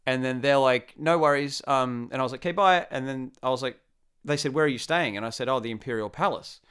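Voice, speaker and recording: A young Australian man telling a casual anecdote, acting out the quotes in a lively way. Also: medium pitch, fast, clear, resonant tone. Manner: animated, acts out quotes. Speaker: storyteller guest.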